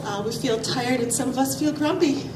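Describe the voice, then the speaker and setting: Slightly out of breath, a woman trainer with a high-sitting voice talks a little fast as she coaxes kids and adults toward healthy eating, asking lots of questions in an upbeat way. The big audience hall brings roomy echo, loud crowd noise, and a distant mic.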